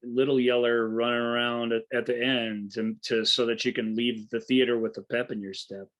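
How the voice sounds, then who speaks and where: A man's voice: mid-range voice, little pitch movement, normal speed, a bit bright. A man co-hosting a movie podcast, easygoing, with joking asides. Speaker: podcast co-host. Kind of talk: casual movie discussion.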